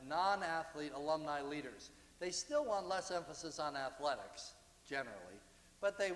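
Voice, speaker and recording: A man giving a university lecture about slides, talking in a conversational, halting way with frequent restarts. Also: on the high side. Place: lecture hall. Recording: echoey hall, distant.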